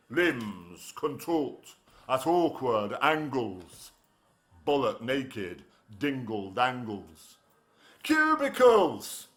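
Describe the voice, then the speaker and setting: A man performing his poems live in a studio, punchy and rhythmic, with playful asides between pieces. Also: mid-range voice. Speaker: performance poet. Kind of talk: live poetry reading.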